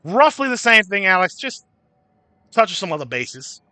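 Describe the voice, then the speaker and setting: A man's voice: high-pitched, big pitch swings, normal speed, sharp tone, no room sound. A man hosting a casual livestream, ranting and chatting with viewers by name, cursing freely. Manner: swearing freely. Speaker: livestream host.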